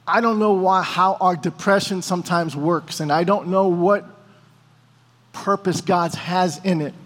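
A man preaching a sermon as a lively story, acting out the people in it. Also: sits high, unhurried, big-room sound. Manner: animated storyteller, acting out dialogue.

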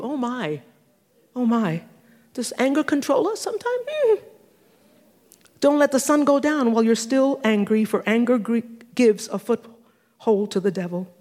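A woman in her sixties preaching a sermon, animated, with teasing asides and laughter. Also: on the high side. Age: 60s. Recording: long hall reverb.

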